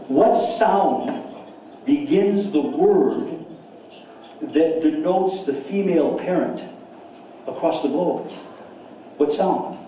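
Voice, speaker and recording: A man lectures at a seminar with an eager, questioning manner, often repeating his words as he presses the audience for answers. His voice is mellow and warm. He sounds distant from the microphone in a very reverberant hall with a faint hum of ambience behind him. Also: on the high side. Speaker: seminar speaker. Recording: echoey hall, speaker far from mic.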